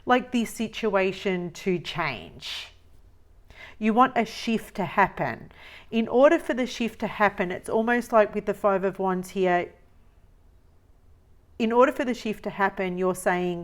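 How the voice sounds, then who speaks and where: A woman giving a tarot reading, musing slowly and repeating phrases as she reads the cards. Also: medium pitch. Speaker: tarot reader.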